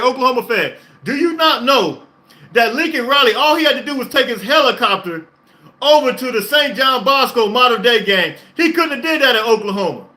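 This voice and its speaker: An excited man hosting a sports reaction stream, talking emphatically, repeating himself and laughing often. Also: extremely high pitch. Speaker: podcast host. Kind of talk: live-stream sports reaction, reading chat.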